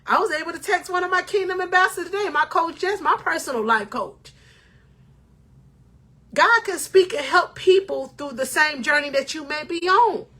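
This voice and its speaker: Woman, high voice, bright, spiritual life coach, motivational talk to camera, emotional and preachy. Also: moderate pace. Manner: emotional, preachy, addresses viewers as king or queen.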